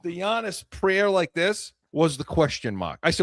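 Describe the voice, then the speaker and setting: A man co-hosting a casual sports talk show, blunt and ranting, swearing and yelling at critics. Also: sits high, big pitch swings, normal speed, dry recording.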